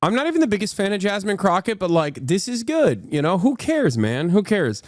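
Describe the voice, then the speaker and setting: High-voiced man ranting sarcastically. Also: big pitch swings, brisk, dry recording, studio quality. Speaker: streamer host. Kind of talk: political commentary reacting to chat.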